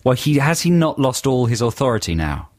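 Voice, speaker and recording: A man co-hosting a radio show, chatting casually with dry, deadpan teasing. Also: mid-range voice, brisk, no room sound. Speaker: radio co-host.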